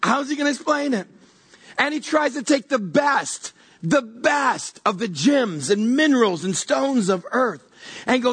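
A pastor giving a conversational sermon, animated and stumbling over repeated words as he reaches for images. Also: very high-pitched, unhurried, husky.

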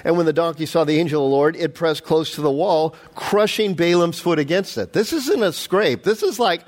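A middle-aged male pastor preaching a sermon, animated and storytelling, acting out the quotes. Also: on the high side, fairly quick, few pauses.

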